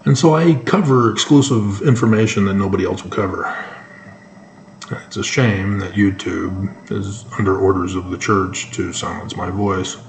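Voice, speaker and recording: A man giving solo news commentary on his own channel, talking in a halting way with sudden emphatic bursts. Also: low-pitched, roomy sound, noisy background. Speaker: YouTube commentator.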